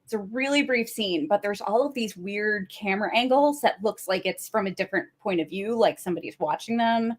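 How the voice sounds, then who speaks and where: A woman's voice: mid-range voice, fairly quick, hardly any pauses. A woman co-hosting a podcast, retelling TV scenes in detail with frequent laughs and a few stumbles. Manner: narrates plot in detail, laughs often, hesitant restarts. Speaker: podcast co-host. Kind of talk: casual TV recap chat.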